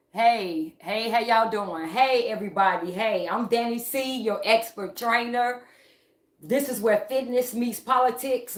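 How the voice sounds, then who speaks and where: A woman vlogging live, talking casually and angrily to her viewers, repeating herself and calling out to them as y'all. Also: medium pitch. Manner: agitated, repetitive, addresses viewers as y'all. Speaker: online fitness and politics vlogger. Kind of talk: casual heated livestream rant. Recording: roomy echo.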